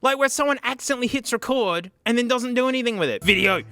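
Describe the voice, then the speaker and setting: A man hosting a casual tech video, talking excitably and joking as he goes through old gadgets. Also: very high-pitched, quick pace. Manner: excitable, jokey, many exclamations and laughs. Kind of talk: casual unboxing commentary.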